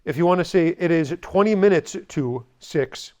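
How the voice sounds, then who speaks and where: A man's voice: a little high, moderate pace, a little mellow. A man teaching a language class, blunt and joking, drilling students to repeat after him. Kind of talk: classroom lesson.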